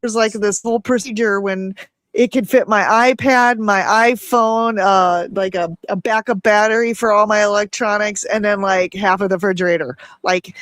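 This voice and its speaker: A middle-aged woman hosts a relaxed interview and chats in a rambling, storytelling way, laughing often. Her voice sits at an ordinary pitch. It is close and dry, with no room sound. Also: normal speed, no room sound. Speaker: host. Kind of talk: casual interview chat.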